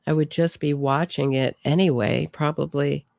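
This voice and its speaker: A woman's voice: low voice, fairly even intonation, moderate pace, gravelly, a little mellow, no room sound, clean studio sound. A woman hosting a true crime show, chatting casually and amused as she reacts to footage. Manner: amused, chatty, laughs often. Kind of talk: casual live-stream reaction commentary.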